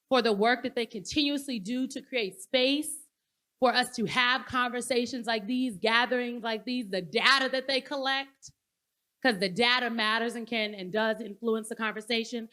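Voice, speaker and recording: A high, bright female voice rings out from a conference stage. She talks playfully and with enthusiasm, thanking her hosts before she hands over the microphone. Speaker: event speaker. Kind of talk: closing remarks at a live event. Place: conference hall.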